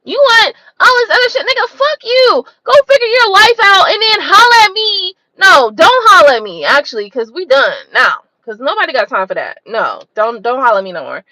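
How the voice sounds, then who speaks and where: A woman's voice: very high voice, very animated, brisk, hardly any pauses, pushed and bright, dry recording, rough recording. A woman hosting her own channel, ranting in a blunt, profane, exasperated way full of rhetorical questions. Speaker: tarot reader and channel host. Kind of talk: unscripted livestream rant.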